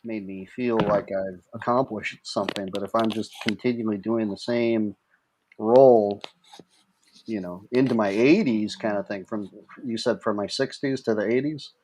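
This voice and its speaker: A man, an actor appearing as a guest, answering questions hesitantly as he thinks out loud. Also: lowish voice, fairly even intonation, moderate pace. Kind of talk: casual chat.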